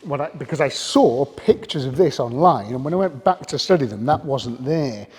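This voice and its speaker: A British man with a slightly husky voice gives a casual, candid car review. He talks in a chatty, unpolished way and restarts sentences mid-thought. His voice trails off into a long reverb. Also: mid-range voice, animated, moderate pace, a little mellow. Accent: British English. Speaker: car vlogger.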